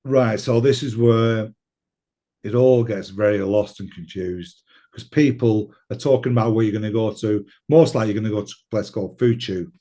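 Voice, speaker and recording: Mellow-voiced British man telling a story. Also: fairly low pitch, normal speed. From United Kingdom. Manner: swearing, animated storytelling with laughs. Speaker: interview guest. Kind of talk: storytelling in a casual interview.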